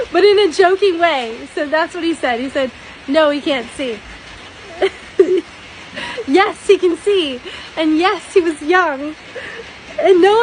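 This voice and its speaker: A woman's voice: high voice, slight background noise, rough recording. A middle-aged woman telling a personal dream testimony in an earnest, tearful way, often laughing.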